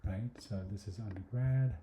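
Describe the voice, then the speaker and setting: Recorded in an echoey room with a noisy background, a man with a lowish voice speaks at normal speed. He walks through a design tutorial on screen, thinking aloud with hesitation, fillers and restarts, frequently falling to a mutter or whisper.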